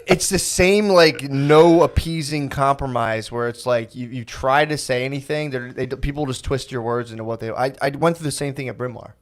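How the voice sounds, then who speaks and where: A man's voice: medium pitch, fairly even intonation. A man co-hosting a comedy podcast in casual chat, rambling and restarting often, mock-earnest and jokingly self-pitying. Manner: rambling, halting, with many restarts and fillers. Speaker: podcast co-host.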